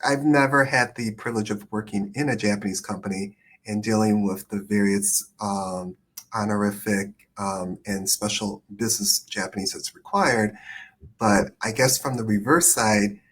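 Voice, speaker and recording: Male live-stream host, lowish husky tone, halting delivery with fillers, on a video call. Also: a bit bright. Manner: hesitant, many ums. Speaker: immigration attorney, host.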